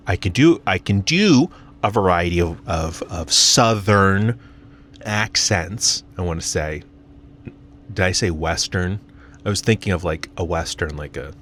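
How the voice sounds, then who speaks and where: An American man vlogging from his parked car, rambling casually with lots of fillers and self-mocking asides. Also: sits low. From United States.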